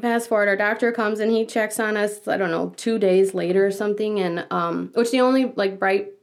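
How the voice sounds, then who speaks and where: Woman, thirties, gravelly, emotional storytelling, quotes other people in lively voices. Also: mid-range voice, a little fast. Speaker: guest. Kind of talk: personal storytelling in a podcast chat.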